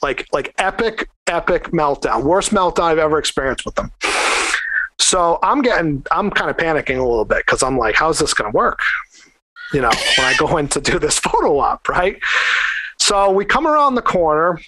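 A man with a slightly higher voice tells a long story in a casual, animated way, filling his talk with "like". The sound is dry and close, with no room around it. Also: normal speed, dry recording. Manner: rambling, animated, lots of "like" fillers. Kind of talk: casual anecdote.

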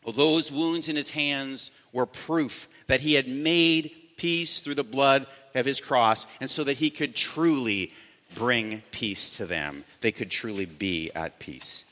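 A man preaching a sermon as pastor, earnest, slowing down to stress key words. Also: mid-range voice, bright, forceful tone. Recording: long church reverb.

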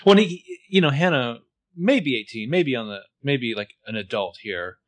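A man at a mid pitch co-hosting a casual podcast, walking through scene cuts of a TV episode. He sounds relaxed and adds dry, offhand asides. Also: moderate pace. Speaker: podcast co-host recapping a TV episode. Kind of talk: casual chat.

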